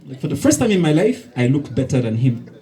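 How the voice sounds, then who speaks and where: A man's voice: medium pitch, quick pace, rough recording. A man doing a stand-up comedy set and hosting the night, telling stories with acted-out dialogue. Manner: animated storytelling with acted-out dialogue. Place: bar comedy night with laughing audience. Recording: faint noise from a live bar.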